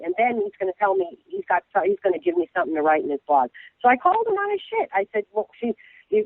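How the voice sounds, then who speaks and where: A woman blogger telling a story in casual chat, animated and irreverent, with lots of fillers and restarts. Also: mid-range voice, fast, no room sound. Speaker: guest blogger. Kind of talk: casual storytelling on a call-in show. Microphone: phone. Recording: tinny phone line.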